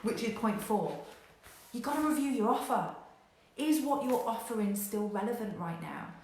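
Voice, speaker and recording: A woman business coach giving a motivational talk, energetic and direct, who acts out panicked voices and swears casually. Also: a little high, moderate pace, slight background noise. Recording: very echoey room.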